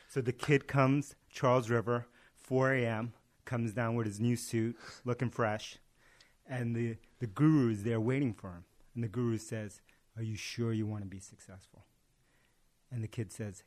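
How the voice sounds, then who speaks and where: A man's voice: lowish voice, steady tone, moderate pace, darkish tone. A man in casual conversation, telling a story and acting out its dialogue. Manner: tells parables with acted-out dialogue.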